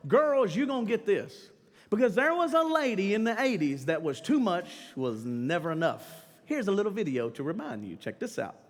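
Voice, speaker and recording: A middle-aged male pastor giving a casual, humorous sermon, slangy and animated, talking straight to the crowd and breaking into shouts. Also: high voice, moderate pace. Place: church sanctuary during a live service. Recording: long church-hall reverb with faint music behind.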